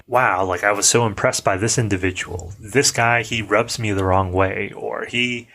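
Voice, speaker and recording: A man coaching English conversation in a casual, relaxed lesson, talking things through and stressing words for emphasis. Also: lowish voice, normal speed, gravelly.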